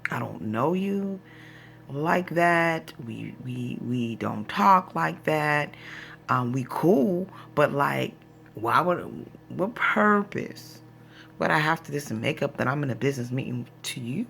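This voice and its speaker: Exasperated woman with a gravelly voice. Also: low voice, expressive, takes it slowly, a bit bright, a little hiss or hum. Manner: exasperated, retells conversations in quoted voices. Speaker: vlogger. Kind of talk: casual storytelling rant.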